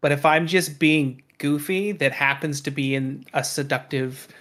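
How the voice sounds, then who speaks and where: A man's voice: fairly high pitch, level tone, measured pace, a bit bright. A man in casual podcast chat, rambling with lots of fillers and casual swearing.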